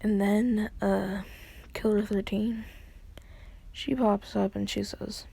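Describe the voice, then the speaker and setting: Woman storyteller, casual and rambling; slow, husky, heavy vocal fry. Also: mid-range voice, little pitch movement, warm tone. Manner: rambling, full of fillers and restarts. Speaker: fan storyteller.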